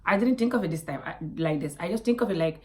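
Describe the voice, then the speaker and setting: A woman from Africa telling a personal story to camera, animated, with quiet asides and whispers. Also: fairly low pitch, quick pace. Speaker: vlogger.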